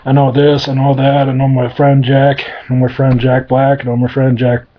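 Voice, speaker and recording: A man's voice: medium pitch, monotone, normal speed, lightly acted. A manic male demon merchant who rattles off rhymes and nonsense without stopping, as a man puts him on. His crude patter tumbles along in a mid-range voice. The sound is dull and lo-fi. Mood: babbling. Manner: nonstop rhyming babble.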